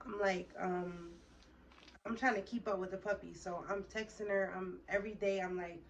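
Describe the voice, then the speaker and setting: Young woman vlogger, lowish voice, swears freely while telling a casual story, recorded from a distance. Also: fairly even intonation, moderate pace, dull audio. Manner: profane, rambling storytelling. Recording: distant mic with faint room noise.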